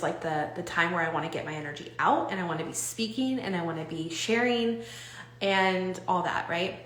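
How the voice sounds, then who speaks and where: A young woman talks straight to her live-stream viewers as a coach. Her delivery is loose and animated, full of restarts and fillers. The room gives her voice a noticeable echo. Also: medium pitch.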